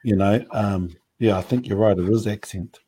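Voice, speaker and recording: A man talking in a relaxed, thoughtful way during a casual discussion, pausing often with fillers. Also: on the low side, slightly rough. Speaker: panel speaker.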